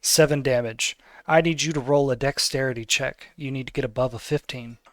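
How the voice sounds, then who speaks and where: A man's voice: mid-range voice, fairly even intonation, brisk, dry recording, clean studio sound. A man acting as game master of a tabletop game, talking casually and rambling, with many fillers and restarts. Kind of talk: running a tabletop game over voice chat.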